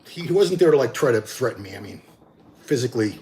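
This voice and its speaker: A middle-aged man hosting a bodybuilding channel, telling viewers a story in a blunt, animated, casual way and acting out the quotes. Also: medium pitch, quick pace, slight background noise.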